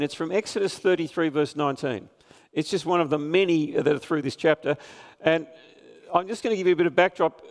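A man preaching a Sunday sermon in a slightly high voice. He is earnest and conversational and keeps putting questions to the people in the pews. His words carry a long reverb from the church, as on a live stream. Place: church sanctuary.

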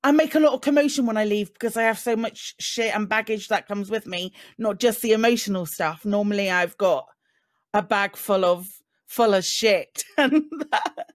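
A woman in casual group chat, talking in halting bursts with many restarts, frequent swearing and laughter. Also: medium pitch, no room sound, studio quality.

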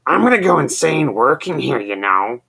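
A man voicing a surly, high-strung male construction worker in agitated, raised outbursts. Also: big pitch swings, normal speed, gravelly, bright, forceful tone, slightly rough, heavily acted. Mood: indignant.

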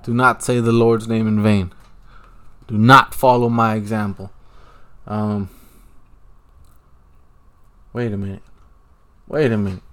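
A man hosting a podcast, casually commentating a football match as he watches it, swearing often and jumping between laid-back talk and excited outbursts into a handheld mic. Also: lowish voice, slow pace, long pauses, clean tone. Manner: profane, excitable reactions. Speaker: podcast host.

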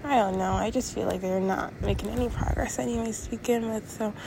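A young woman vlogging at home, high and upset, rambling through a sweary confessional rant and laughing nervously between phrases. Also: fairly even intonation, a little fast, gravelly, background noise. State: upset, near tears. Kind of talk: casual confessional vlog rant. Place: home, indoors.

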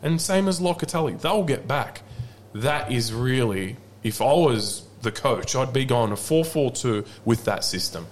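A man's voice: medium pitch, expressive, unhurried, hardly any pauses, a little hiss or hum. A man co-hosting a football podcast, giving firm opinions in casual chat. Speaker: podcast co-host.

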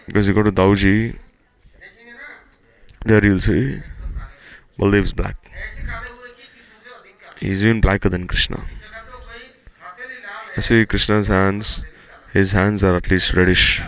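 A man's voice: sits low, little pitch movement, unhurried, gravelly, pauses often, rough recording. A man retelling devotional stories loosely and repetitively, acting out the characters' dialogue as he goes. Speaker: devotional storyteller.

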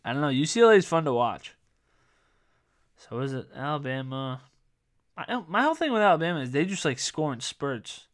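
A man in his twenties hosting a sports podcast in casual chat, rambling with lots of fillers and restarts, his voice going a bit hoarse. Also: on the high side, very animated, a little fast, pauses often. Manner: rambling, filler-heavy, self-correcting. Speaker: podcast host.

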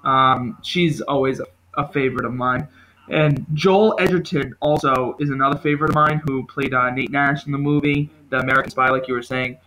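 A man co-hosting a podcast, chatting casually about movies and acting out his own reactions in an animated way. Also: mid-range voice, fairly quick, a little hiss or hum, rough recording. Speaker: podcast co-host. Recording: home podcast recording.

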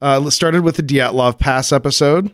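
A man's voice: medium pitch, normal speed, no echo, clean studio sound. A man co-hosting a casual podcast, reading listener mail with frequent laughter. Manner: upbeat, laughs often. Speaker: podcast co-host.

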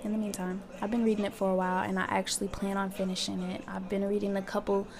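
A woman's voice: medium pitch, flat delivery, quick pace, a little mellow, faint music behind. A young woman hosting her own podcast, talking candidly in a casual monologue and swearing freely. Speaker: podcast host.

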